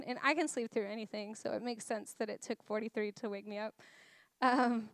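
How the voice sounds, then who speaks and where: A woman's voice: a little high, fairly even intonation, moderate pace, fairly bright tone, smooth, dry recording. A woman in her thirties giving a chatty, self-deprecating sermon full of personal stories and laughter. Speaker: guest preacher. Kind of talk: conversational sermon storytelling.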